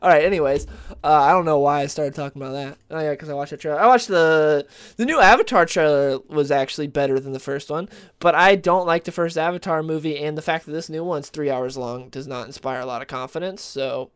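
A man's voice: a little high, brisk, clear, resonant tone. A man hosting a podcast in casual chat, rambling with many fillers and restarts. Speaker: podcast host.

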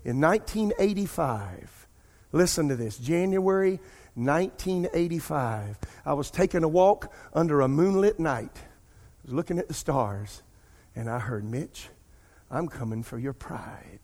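Sing-song and unhurried, a middle-aged pastor with a highish, darkish voice preaches in a church sanctuary. He addresses the congregation directly, dropping in call-and-response asides, and long hall reverb colors the sound.

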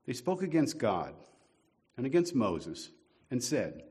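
A man's voice: mid-range voice, very animated, takes it slowly, darkish tone. Man preaching a conversational sermon. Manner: conversational, self-deprecating humor, rhetorical questions. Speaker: guest preacher.

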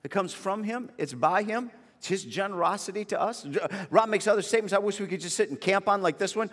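Lively high-voiced preacher in a big hall. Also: male voice, fairly quick, hardly any pauses. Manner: animated, repetitive starts, comic exaggeration. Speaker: pastor. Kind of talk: sermon with personal storytelling. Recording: long reverb of a large hall.

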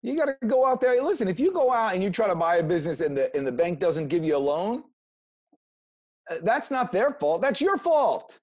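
A man being interviewed, giving energetic, preachy motivational advice in casual talk. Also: sits high, a little fast. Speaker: interview guest, sales motivator.

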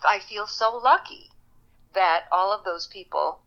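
An older actress reminiscing in an interview, animated and quick to laugh. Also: female voice, medium pitch, vocal fry, muffled recording. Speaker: actress guest. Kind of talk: interview storytelling.

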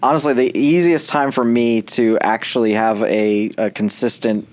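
A man who is a pastor hosting a podcast, talking in a relaxed conversation with lots of fillers and restarts. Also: mid-range voice, normal speed. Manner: chatty, with many fillers and restarts. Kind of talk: casual faith podcast conversation.

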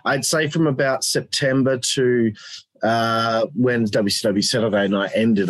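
A man's voice: fairly low pitch, no room sound, poor audio. A man hosting a casual interview, asking long questions with many fillers. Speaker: interviewer, podcast host.

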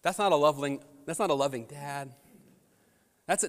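A man's voice: on the high side, normal speed, pauses often, in a large hall. A man, a father, preaching a sermon as pastor, telling stories in a conversational way that swells to emphatic peaks. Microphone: handheld or headset microphone.

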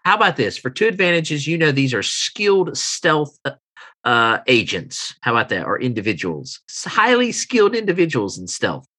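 A man running a tabletop game as game master, narrating scenes with chuckles and halting descriptions. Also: medium pitch, sing-song, bright, forceful tone, slightly rough.

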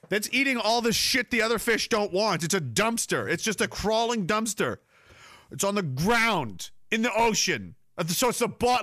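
Reading the chat aloud, a podcast host rants profanely for laughs in a comedic monologue, mocking people and dropping into goofy put-on voices. He sounds high-pitched, bright and forceful, in a dry, studio-quality recording.

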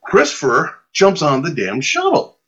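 Heard through muffled lo-fi podcast sound, a man with a slightly rough, somewhat high voice keeps a measured pace. As a guest, he animatedly recounts a long casual story, acting out what each person said, himself included.

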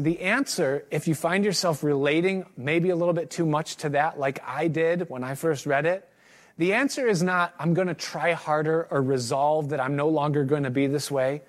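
Middle-aged male preacher, earnest, slightly raised pitch, sermon delivery. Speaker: pastor. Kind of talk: sermon with a read-aloud excerpt.

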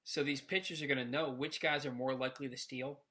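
A man co-hosting a casual sports podcast, talking in a rambling, animated way and stumbling over repeated words. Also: medium pitch, fairly quick. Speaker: podcast co-host.

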